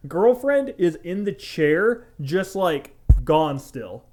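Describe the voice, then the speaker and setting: A young adult man, a tattoo artist co-hosting a podcast, telling a story in casual chat, animated and laughing, with lots of "like" and swearing. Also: high voice, slow, faint music behind.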